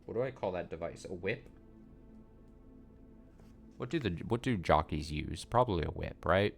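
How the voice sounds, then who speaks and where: A man's voice: low-pitched, lively intonation, moderate pace, gravelly, soft background music. A man giving casual gameplay commentary, thinking aloud, swearing casually and poking fun at himself. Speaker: let's play streamer.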